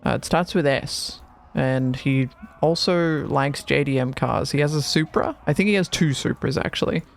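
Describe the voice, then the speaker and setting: A man streaming a game, chatting casually, excitable, swearing and laughing often. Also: on the high side, moderate pace, creaky. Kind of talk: casual gaming chat. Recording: faint music behind.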